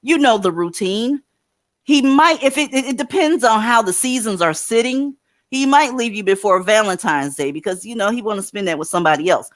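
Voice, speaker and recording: A woman's voice: on the high side, animated, brisk, dry recording, clean studio sound. Blunt, profane woman streamer. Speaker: livestream host. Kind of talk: blunt commentary and advice to callers.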